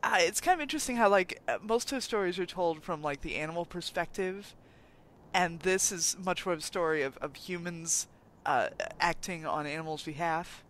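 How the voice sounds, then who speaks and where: A man's voice: fairly high pitch, moderate pace, fairly bright tone. A man hosting a podcast interview, chatting enthusiastically and rambling a little. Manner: enthusiastic, laughs often, rambling. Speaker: podcast host. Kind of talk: casual interview chat.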